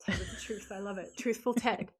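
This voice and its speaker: Animated woman recapping a show. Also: mid-range voice, brisk, breathy edge. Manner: animated, acts out lines in quotes. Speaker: podcast co-host. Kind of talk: casual chat recapping a TV episode.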